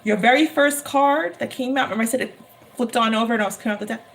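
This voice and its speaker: A high-voiced woman doing a live-streamed tarot reading. She is emphatic and excitable and repeats her lines over and over, with faint noise behind her. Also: fast, creaky. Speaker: tarot reader.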